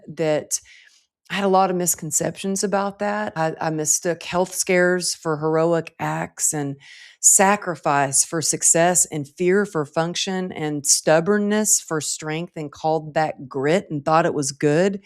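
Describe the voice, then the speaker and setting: A woman guest on an interview show, telling her personal story earnestly and with emphasis, acting out the voices she quotes. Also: low voice. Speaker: interview guest, author and speaker.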